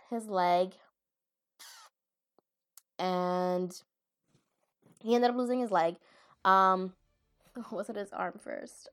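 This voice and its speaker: Rambling, giggly woman vlogger. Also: mid-range voice. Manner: rambling, giggly, often stops to correct herself. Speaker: anime vlogger. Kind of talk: casual chat.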